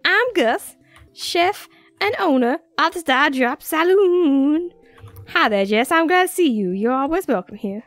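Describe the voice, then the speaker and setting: A welcoming male saloon owner from a video game, slow and cheery, voiced by a woman reading his lines. The tone is pitched up and friendly. The sound is close and dry. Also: lively intonation, a bit bright, dry recording, soft background music.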